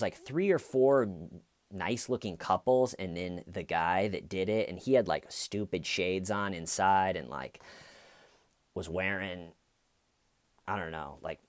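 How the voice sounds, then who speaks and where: A man's voice: lowish voice, no room sound. A man, a stand-up comedian, telling a casual story to camera in a rambling way, full of fillers.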